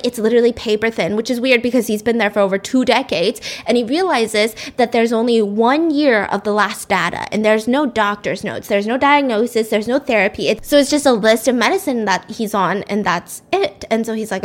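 Chatty woman telling a spooky story. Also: on the high side. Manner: chatty, swears, laughs, voices the characters. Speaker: podcast host. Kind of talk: casual storytelling.

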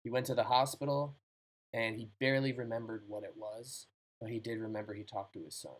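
A man's voice: fairly low pitch, steady tone, a little fast, breathy edge, low-quality recording. A man casually reading out a short ghost story to a friend, in a laid-back, slangy manner. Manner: laid-back, slangy, reads stories aloud. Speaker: podcast co-host reading stories.

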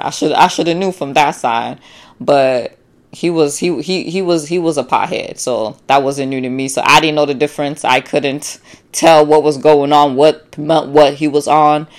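A woman hosting a casual solo podcast, talking bluntly with lots of profanity and addressing her listeners as y'all. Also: low voice. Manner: blunt, profane and animated, acts out quotes. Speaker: podcast host.

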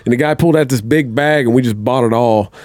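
A man's voice: medium pitch, quick pace, darkish tone, no echo, clean studio sound. A man telling a long, rambling story as a podcast guest, swearing a lot and acting out what people said. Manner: rambling, heavy swearing, acts out quotes. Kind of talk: casual storytelling.

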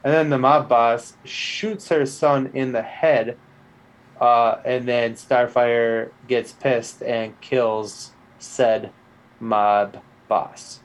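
A man's voice: medium pitch, fairly even intonation, very slow, low-quality recording. A young man co-hosting a podcast, giving blunt, slangy takes on a TV episode and swearing freely. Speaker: podcast co-host. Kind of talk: casual chat reviewing a TV episode.

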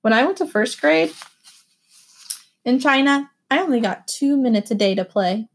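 A woman reads a first-person story aloud with expressive, animated delivery. Her voice sits fairly high, and the narration has the steady shape of a scripted audiobook. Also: normal speed.

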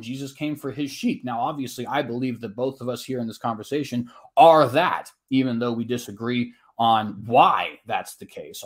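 A man at a middle pitch presses his side of a formal debate. He talks earnestly and argumentatively, reads long scripture passages aloud, and keeps tossing in a quick tag question as he goes. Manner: frequent tag questions and "uh" restarts.

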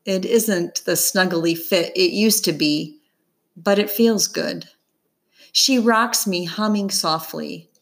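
A woman narrating a children's novel in the first person, calm and measured. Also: fairly low pitch. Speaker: audiobook narrator.

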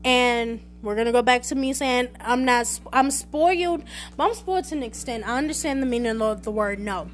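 A young woman hosting a podcast, telling stories about her family in an animated, chatty, conversational way. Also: on the high side, moderate pace, slight background noise. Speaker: podcast host. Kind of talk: casual storytelling monologue.

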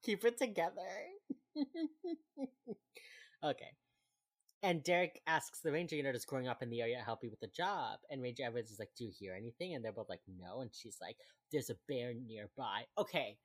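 A woman's voice: extremely low pitch, expressive, a little fast. A young woman co-hosting a podcast, casually recapping a TV episode, chatty and laughing often as she acts out the characters' lines. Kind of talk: casual chat.

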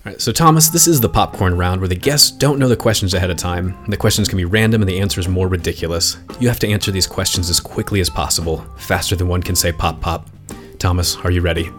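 A man's voice: low voice, quick pace, fairly bright tone, soft background music. A man hosting a podcast, talking in a chatty, casual way with fillers and laughs. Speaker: podcast host.

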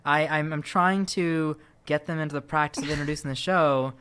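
A man's voice: a little high, fairly even intonation, a little fast, a bit bright, clean tone. Giggly man hosting a podcast. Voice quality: laughs often, rambling restarts. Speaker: podcast host. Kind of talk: casual chat.

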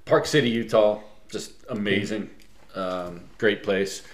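Low-voiced casual podcast host. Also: male voice, unhurried, roomy sound. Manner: laid-back, swears freely, many fillers. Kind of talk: casual chat.

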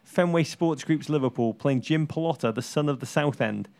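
A middle-aged English man co-hosting a football podcast, talking in an animated, playful, teasing way. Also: fairly high pitch, moderate pace. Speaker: podcast co-host. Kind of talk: casual football chat.

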